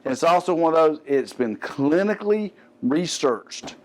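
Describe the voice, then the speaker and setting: A man's voice: a little high, animated, moderate pace, darkish tone, slight background noise. A middle-aged man with a Southern American accent, hosting a fitness show and chatting casually about a product with joking asides. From Gulf Coast of the US. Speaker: host.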